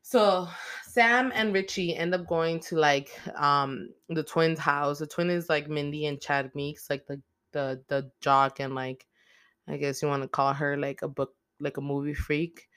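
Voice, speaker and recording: A podcast host rattles through a casual movie recap in a smooth, clear voice, full of swearing and filler words. The sound is dry and close, with no room echo. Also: mid-range voice, steady tone, a little slow, fairly bright tone.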